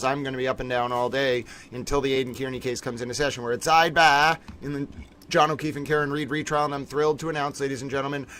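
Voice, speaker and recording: A man with a mid-range voice hosts a casual livestream, chatting playfully and theatrically with viewers, whom he repeatedly calls ladies and gentlemen. There's a little hiss or hum in the audio.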